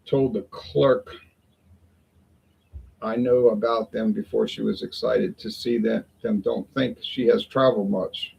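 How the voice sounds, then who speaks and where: Casting: gravelly, husky-voiced man, rambling folksy vlog chat at home. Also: lowish voice, steady tone, a little slow, dull audio. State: sweating in the heat. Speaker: beer review vlogger. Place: home in Toronto, windows open.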